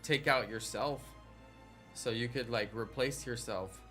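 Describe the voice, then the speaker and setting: Male game streamer, mid-pitched, bright, rambling casual banter with viewers. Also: unhurried, faint music behind. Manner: rambling, playful, chatting with viewers. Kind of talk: casual live stream chat.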